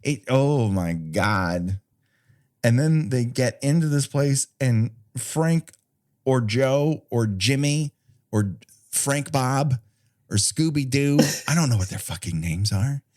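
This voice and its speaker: A man's voice: medium pitch, lively intonation, takes it slowly, a little mellow. A man co-hosting a comedy film podcast, talking casually with sarcastic asides and a lot of swearing. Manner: sarcastic, swears freely, riffs in silly put-on quotes. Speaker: podcast co-host.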